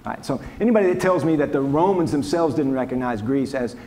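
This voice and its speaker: A man's voice: medium pitch, animated, fairly quick, a little mellow. A man, a historian, answering audience questions after a lecture in a conversational, wry way, with frequent restarts and asides. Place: lecture hall.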